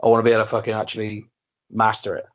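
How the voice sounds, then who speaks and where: A man's voice: on the low side, completely flat delivery, racing, slight background noise. A young man chatting casually on a podcast, blunt and swearing freely. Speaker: podcast co-host. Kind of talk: casual chat.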